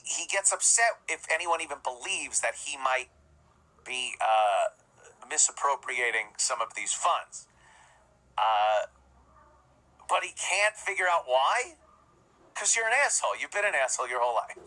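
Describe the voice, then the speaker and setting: Podcast host, male, higher pitched than most, sharp and tense tone, scornful profane rant. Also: rough recording. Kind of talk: ranting commentary.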